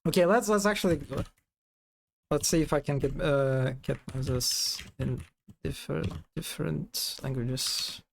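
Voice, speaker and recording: A man's voice: fairly high pitch, unhurried, creaky, a little hiss or hum. A man streaming live in casual commentary, amused, often restarting his sentences and imitating animal sounds.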